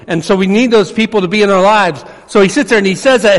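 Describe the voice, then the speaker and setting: A man preaching a sermon as pastor, swinging between emphatic preaching and hushed asides. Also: high-pitched, quick pace, hardly any pauses. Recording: long reverb of a large hall.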